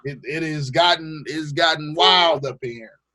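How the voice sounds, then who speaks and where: A man from the Bay Area, a radio host, chatting as a podcast guest in slangy, animated storytelling style, acting out what people said. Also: fairly high pitch, moderate pace. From Bay Area, California. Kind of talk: casual interview chat.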